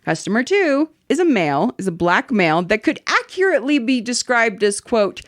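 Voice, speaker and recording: Animated woman reading a listener story. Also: a little high, normal speed, no echo, studio quality. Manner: animated, swearing, laughing as she reads. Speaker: podcast host.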